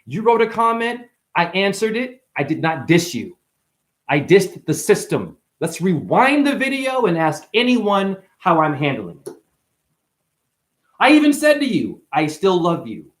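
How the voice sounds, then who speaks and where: Heated man, lively high-pitched voice. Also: measured pace. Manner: passionate, defensive, swinging between agitated and conciliatory. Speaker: livestream host. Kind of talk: heated livestream chat reading comments.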